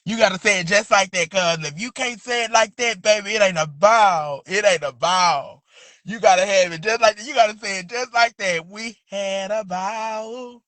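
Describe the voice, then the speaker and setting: A man with a notably high voice hosts a loose, chatty phone livestream outdoors, calling his viewers baby and boo. He stretches his pet phrase out in a sing-song drawl. The sound is dry and close, with no room echo. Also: moderate pace, bright, forceful tone. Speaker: livestream host. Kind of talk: casual livestream chat. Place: outdoors next to a house.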